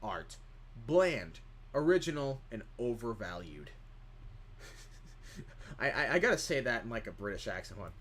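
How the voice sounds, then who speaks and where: A man's voice: medium pitch, very animated, a little slow, long pauses, fairly bright tone. A man streaming live, chatting casually in a rambling way as he reads chat questions aloud and answers them.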